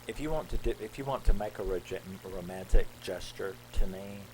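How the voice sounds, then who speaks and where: A man's voice: lowish voice, moderate pace, background noise. A man casually retelling a horror film's plot in a rambling way, acting out the characters' lines. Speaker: horror film reviewer. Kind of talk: casual movie recap.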